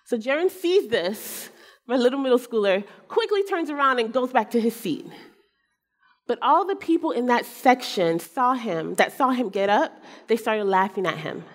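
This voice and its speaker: A middle-aged woman giving a church talk, telling a personal story earnestly and acting out her son's words. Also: fairly high pitch. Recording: long hall reverb.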